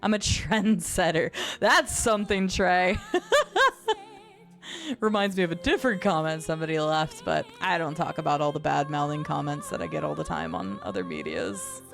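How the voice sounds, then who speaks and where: A woman streamer chatting casually with her viewers. She has a low vocal fry at the ends of her phrases, rambles, and laughs often. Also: brisk, few pauses, soft background music. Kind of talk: casual live-stream chat, reading and answering chat. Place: home streaming setup.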